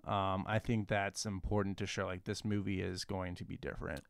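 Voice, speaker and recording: A young man in his twenties chats about a film in relaxed podcast talk. He is easygoing and agreeable and uses lots of fillers. His voice is smooth and clear, recorded close and dry. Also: sits low, moderate pace, no echo. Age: 20s. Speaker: movie podcast co-host. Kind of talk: casual film discussion chat.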